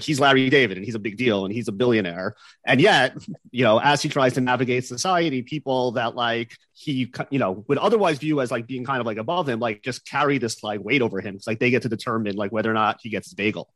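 Fast-talking man host, dry sound. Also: medium pitch, a bit bright, no echo, poor audio. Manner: rapid, filler-heavy musing. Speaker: podcast host. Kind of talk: casual interview chat.

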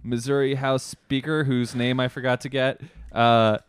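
A man's voice: medium pitch, flat delivery, a little slow, smooth. A man hosting a casual comedy podcast, reading texts aloud in a dry, matter-of-fact way. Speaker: podcast host.

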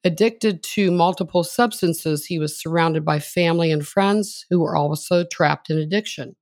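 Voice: mid-range voice, moderate pace, a little mellow, no room sound. A podcast host introducing a guest and asking questions in a chatty, admiring, conversational way.

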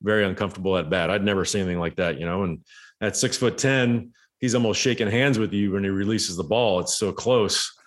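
A middle-aged former baseball player telling relaxed anecdotes in casual conversation. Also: male voice, fairly low pitch, brisk. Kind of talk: casual storytelling.

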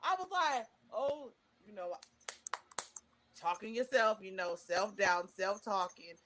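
A woman's voice: mid-range voice, takes it slowly. A middle-aged woman, a stand-up comedian, telling a long personal story in casual chat, acting out quotes from the people in it. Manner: animated, quotes people in voices, emotional.

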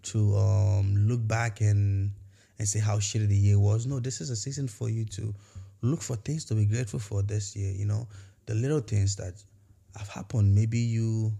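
A man's voice: on the low side, fairly even intonation, moderate pace, gravelly, mellow. A man hosting a podcast episode, giving a casual motivational talk and telling a story, talking conversationally with many fillers and restarts. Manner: acts out quoted voices in storytelling. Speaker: podcast host.

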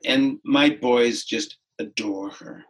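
Speaking at a medium pitch, this middle-aged podcast guest recounts something from his own life in a soft, slow, thoughtful manner, often pausing and starting over. The audio quality is rough.

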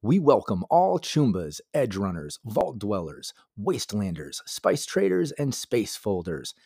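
A man reading a scripted podcast intro in a steady announcing manner. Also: lowish voice, a little slow, vocal fry, husky, no echo, clean studio sound. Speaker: show announcer.

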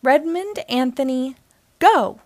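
A woman's voice: a little high, expressive, normal speed, vocal fry, no echo. A woman voicing a bossy, snappish mother queen ant who scolds and commands. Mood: commanding.

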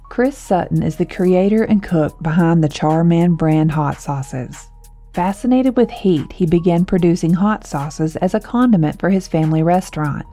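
A woman reading a scripted narration of local legends in a measured, even tone with light wry asides. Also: on the low side.

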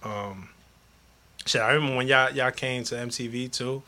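A man in casual podcast chat, his voice bright and forward. He talks animatedly, laughs easily and stumbles into quick restarts as he goes. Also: medium pitch, steady tone. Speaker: podcast guest, media journalist.

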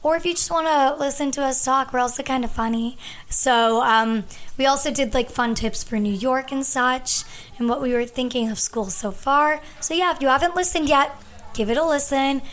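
Woman, 20s, podcast host, hoarse from a cold, chatty filler-heavy delivery, a touch high. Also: fairly bright tone. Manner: chatty and rambling, lots of ums and likes. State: hoarse, losing her voice. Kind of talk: casual podcast chat. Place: at her family home. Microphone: podcast microphone.

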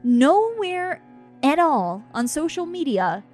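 A woman's voice: high voice, very animated, slow, a little mellow, faint music behind. A woman who hosts a podcast and works as a medium, telling a candid personal story in a casual way and laughing often.

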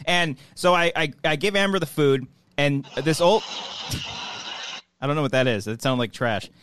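A young man hosting a casual podcast chat, laughing often and telling stories with quick put-on voices. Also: a little high, fairly bright tone, clean tone, no room sound. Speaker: podcast host.

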